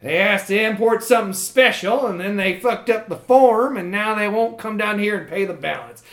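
A man doing a portly colonel in his late fifties, drawling and short-tempered. His voice sits on the high side and rings in an echoey room. It is a loose tabletop role-play voice. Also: moderate pace, a bit bright. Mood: grumbling. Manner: drawling, irritable, bossy.

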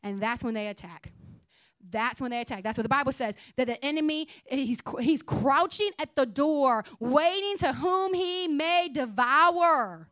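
A young woman pastor preaching a conversational, humorous sermon in a blunt, animated way. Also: high-pitched, measured pace, no room sound. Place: church sanctuary.

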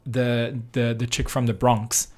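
Casual male podcast co-host, chatty and animated, lots of ums. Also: mid-range voice, a little slow. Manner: chatty and animated, many fillers, breaks into laughter. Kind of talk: casual chat.

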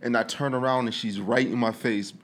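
A man's voice: medium pitch, steady tone, a little fast. A man animatedly telling a story in casual podcast chat, laughing through it.

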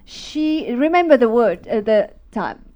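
A middle-aged woman, telling a fervent church testimony in an animated, storytelling way. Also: a little high, measured pace, muffled recording. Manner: animated storytelling, laughing, acting out voices; fervent, preaching. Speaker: speaker giving a testimony.

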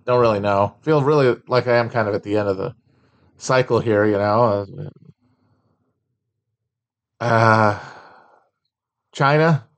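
A man hosting a casual livestream chat, talking slowly with many fillers and restarts. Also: on the low side. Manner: sings a song loosely at the start. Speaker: livestream host.

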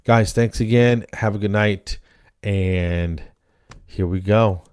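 A man's voice: fairly low pitch, steady tone, takes it slowly, darkish tone, slight background noise. A man in his fifties hosting a comedy show, rambling through a casual monologue and chuckling at his own jokes.

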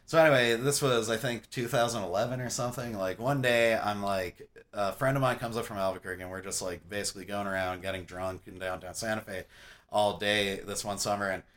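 A man telling a long casual story with lots of swearing, getting loud and high when he quotes himself yelling. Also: a little fast. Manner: profane, animated, loud when quoting himself. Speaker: podcast guest.

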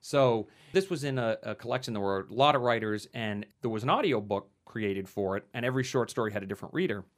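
A man's voice: medium pitch, fast, hardly any pauses. A male author talking in an interview in an earnest, articulate and enthusiastic way. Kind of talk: conversational interview.

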